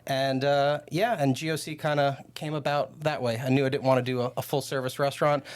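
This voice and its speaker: Young man, from new york, guest, easygoing, lots of fillers, medium pitch. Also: little pitch movement, brisk, clean tone. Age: young adult. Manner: easygoing, filler-heavy, laughs often. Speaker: guest entrepreneur. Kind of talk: casual interview.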